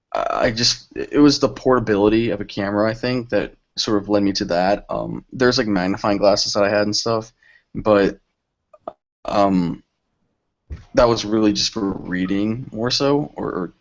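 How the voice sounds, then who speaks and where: A young adult man, a filmmaker and interview guest, describing his experiences in a relaxed, reflective way. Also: lowish voice, lo-fi sound. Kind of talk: casual interview answers.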